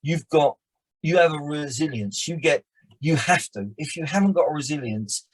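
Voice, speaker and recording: A man, an actor and director telling stories in a rambling, animated way as a podcast guest. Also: fairly high pitch, moderate pace, slightly rough, rough recording. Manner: animated storyteller, rambling restarts. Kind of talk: casual chat.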